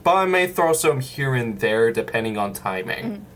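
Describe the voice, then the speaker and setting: A man co-hosting a podcast in casual chat, playful and quick to laugh. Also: medium pitch, very animated, fairly bright tone. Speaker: podcast co-host.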